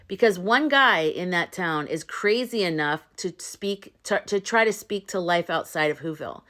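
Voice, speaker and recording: A woman retelling a story and urging her viewers, chatty and earnest, with loose restarts and fillers. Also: fairly low pitch. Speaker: spiritual vlogger. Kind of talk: casual retelling and pep talk to viewers.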